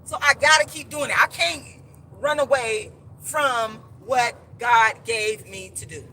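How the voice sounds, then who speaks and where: Her pitch is on the high side and her pace a little slow, with a bright, forceful tone and slight background noise. A woman author and activist, she speaks directly to her live-stream audience as "y'all," impassioned and preachy, repeating herself for emphasis as she gets worked up.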